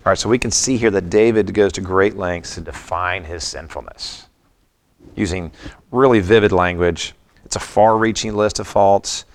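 A middle-aged man preaching a sermon in a reflective, conversational way, mixing scripture with personal stories. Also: deep voice. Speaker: pastor.

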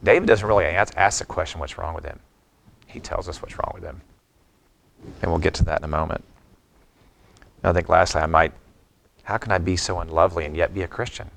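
A man's voice: low voice, steady tone, a little fast, gravelly, pauses often, fairly bright tone. A middle-aged man preaching a sermon in a reflective, conversational way, mixing scripture with personal stories. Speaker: pastor.

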